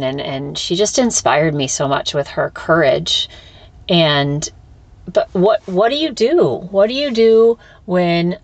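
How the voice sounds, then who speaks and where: Lady spiritual teacher doing a solo podcast, kinda low voice, blunt and swears, lots of restarts. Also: no room sound. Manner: candid, swears freely, thinks aloud with restarts. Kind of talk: reflective solo podcast talk.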